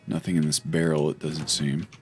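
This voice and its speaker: Deep-voiced man chatting over gameplay. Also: little pitch movement, moderate pace, darkish tone, a little hiss or hum. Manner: chatty, wry, thinks aloud while playing. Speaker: let's play host. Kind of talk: casual gameplay commentary.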